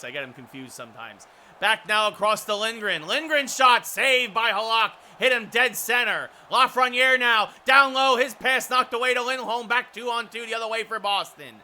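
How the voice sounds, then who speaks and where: A man streaming himself doing play-by-play commentary on a hockey video game, with loud excited calls and asides to his chat. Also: high-pitched.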